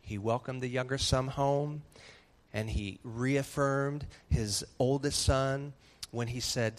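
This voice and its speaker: A man preaching a sermon as pastor, telling a story with animated swings from soft to loud. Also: mid-range voice, takes it slowly.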